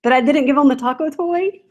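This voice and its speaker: A woman's voice: high-pitched, normal speed, poor audio. A woman chatting casually on a home live stream, giggling and reading viewer comments aloud. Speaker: reseller vlogger. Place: home, in a room with barking dogs.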